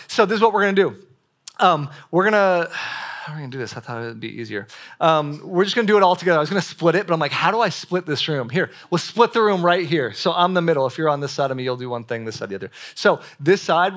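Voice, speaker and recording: Young guy preaching to a young adults group, fairly high voice, chatty and lively, talks to the crowd. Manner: lively, conversational preaching with many "like"s and audience questions. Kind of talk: sermon. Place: church meeting room with a live audience.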